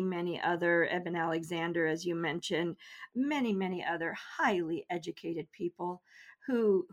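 Earnest middle-aged woman telling her story. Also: on the low side. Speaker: guest. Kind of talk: interview storytelling.

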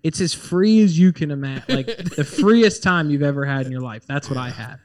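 A man in casual conversation with a slightly higher than usual pitch. He talks in an animated, rambling way, full of fillers, and slips into little acted-out voices as he goes. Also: a little fast, crowd noise. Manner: animated, acts out quoted voices, many fillers. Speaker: podcast co-host. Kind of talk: casual chat.

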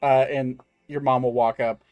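A man narrating a tabletop game as game master, with a halting delivery full of ums and restarts. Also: mid-range voice, flat delivery, darkish tone, dull audio, faint music behind.

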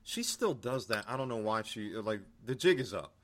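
A man co-hosting a podcast in casual chat, recapping news in a relaxed, chatty way. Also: lowish voice, normal speed. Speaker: podcast co-host.

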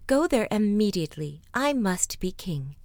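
A woman's voice: medium pitch, sing-song, normal speed, a little mellow, no echo. A woman voicing a greedy, demanding fisherman's wife in a fairy tale read-aloud. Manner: pushy, insistent.

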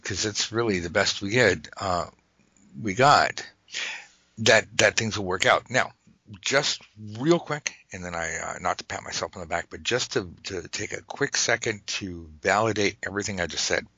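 A man's voice: low-pitched, normal speed, sharp tone, breathy edge, no room sound, rough recording. A man hosting a casual podcast conversation, rambling and joking, often stopping to restart his thoughts. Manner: rambling, self-interrupting, jokey. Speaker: podcast host.

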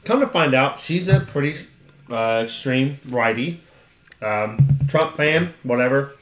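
A man's voice: medium pitch, animated, a little slow, reverberant, a little hiss or hum. A man with an Ohio accent, a podcast co-host telling a long story in casual, profane chat and laughing often.

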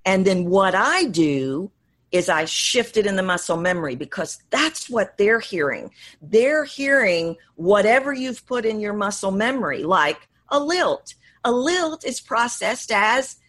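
A woman's voice: mid-range voice, very animated, measured pace, fairly bright tone. A woman voice coach, a guest in an interview, explaining her work and acting out examples mid-sentence.

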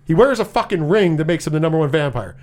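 A man hosting a casual movie review chat, talking in an animated, profane way and acting out scenes in quick put-on voices. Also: a little high. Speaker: podcast host.

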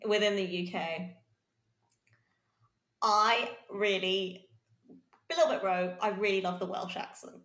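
English woman, lively chat in echoey room. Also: mid-range voice, unhurried, pauses often. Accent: neutral southern English. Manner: lively, animated storytelling, frequent laughter. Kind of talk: casual chat.

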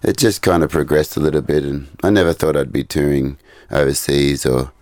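A man's voice: very deep voice, fairly even intonation, fairly quick, darkish tone, no echo. A man from Australia, a touring musician, chatting modestly and easily in a radio studio interview with light laughs.

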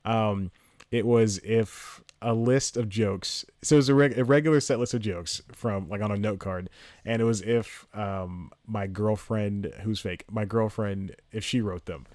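A man's voice: unhurried, darkish tone, no room sound, studio quality. Rambling self-mocking male podcast host. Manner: rambling, self-mocking, laughs at own jokes; jumps into high-pitched impressions mid-story. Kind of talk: solo casual podcast chat. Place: home room with TV on. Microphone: home podcast mic, solo at laptop.

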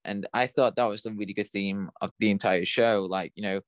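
A man's voice: on the low side, steady tone, brisk, no echo. A man with an English accent co-hosting a podcast, rambling through his thoughts in a casual review chat. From England. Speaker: podcast co-host.

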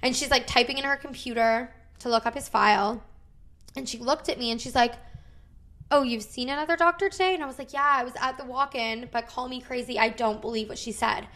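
A woman's voice: on the high side, a little fast. A woman in her thirties, a podcast host, casually telling a story, full of "like" and quoted dialogue. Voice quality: frequent "like" fillers, animated retelling with quoted dialogue.

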